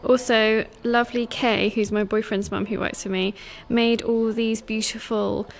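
With vocal fry and a fairly high pitch that barely moves, a young woman talks a little slowly to camera about her week. She owns a sewing school and teaches there, and her casual vlog chat is full of fillers.

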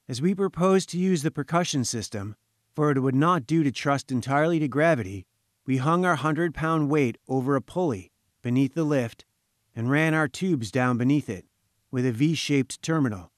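A man reading an audiobook, narrating a first-person story in a measured, even way. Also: medium pitch, no room sound, clean studio sound. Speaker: audiobook reader.

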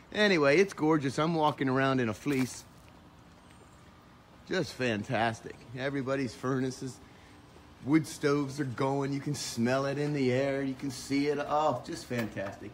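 A man's voice: mid-range voice, measured pace, a little hiss or hum. A man who is a pastor, walking and chatting in a casual vlog, joking and mocking himself, first outside on the church grounds and then inside a sanctuary, talking into a handheld camera. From small-town Pennsylvania, USA. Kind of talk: casual vlog walk-and-talk.

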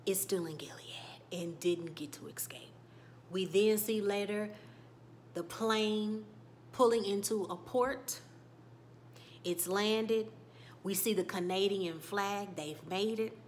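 A woman hosting a casual show recap, telling it in an animated way that swings from loud bursts to hushed whispers and reacts emotionally. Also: mid-range voice, a little hiss or hum. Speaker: YouTube TV recap host.

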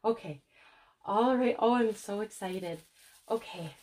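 A woman with a Midwestern accent, filming an unboxing vlog at home on a camera on a tripod, gushing and gasping with excitement. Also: medium pitch, unhurried. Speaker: vlogger.

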